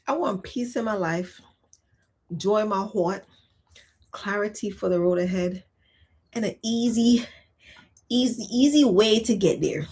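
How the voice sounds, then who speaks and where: Woman in her 30s musing out loud on her vlog, lots of um and you know, giggly. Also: mid-range voice, husky. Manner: chatty, laughs often, many fillers; talks while eating and sipping. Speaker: vlogger. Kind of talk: casual reflective chat to camera.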